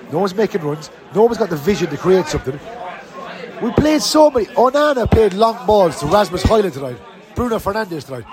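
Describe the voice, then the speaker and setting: A man giving a blunt, sweary, frustrated rant as a fan podcast host after a match. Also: sits high. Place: outdoors and in a bar around the match.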